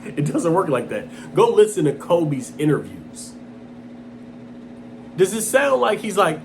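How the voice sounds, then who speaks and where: Intense, animated male motivational speaker. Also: unhurried, vocal fry, long pauses, background noise. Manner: intense, emphatic, repeats points, mocking quotes in a flat low voice. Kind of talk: impassioned self-help monologue.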